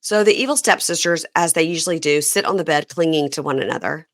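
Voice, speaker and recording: A woman hosting a podcast, chatting casually as she recaps a reality show, animated and laughing often as she acts out what people said. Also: low-pitched, fast talker, no echo, clean studio sound. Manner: animated storyteller who acts out quoted people. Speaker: podcast host.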